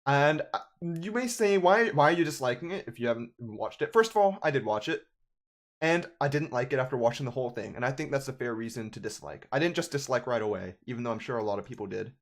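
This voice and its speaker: A man's voice: mid-range voice, fast talker. A young man in his twenties, a gaming YouTuber, ranting in casual, sarcastic commentary.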